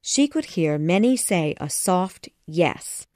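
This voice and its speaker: A woman narrating a children's classic audiobook in a measured, expressive storytelling manner. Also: lowish voice, no echo, clean studio sound.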